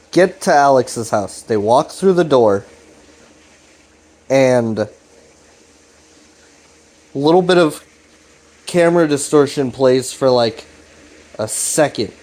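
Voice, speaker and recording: A man of medium pitch and darkish tone hosts a video series recap. His delivery is relaxed and rambling, with plenty of profanity and restarts.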